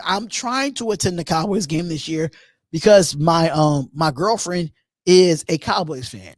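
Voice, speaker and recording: A man from Philadelphia hosting a live call-in show, reading out chat questions and answering in an animated, repetitive way. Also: fairly high pitch, dry recording, studio quality. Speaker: host.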